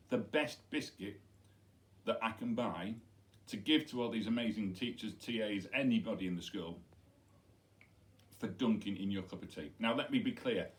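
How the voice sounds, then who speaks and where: A middle-aged man, a head teacher, chatting playfully to pupils while demonstrating with props in a school video message. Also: lowish voice.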